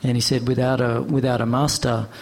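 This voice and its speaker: A man's voice: mid-range voice, little pitch movement, brisk, gravelly, a little mellow. Easygoing male interviewer, faint background hiss. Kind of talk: conversational interview.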